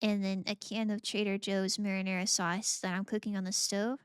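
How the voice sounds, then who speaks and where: A woman's voice: medium pitch, level tone, moderate pace, clean tone, no room sound, studio quality. A woman streamer chatting casually and playfully while gaming, rambling, giggling and reading out chat messages.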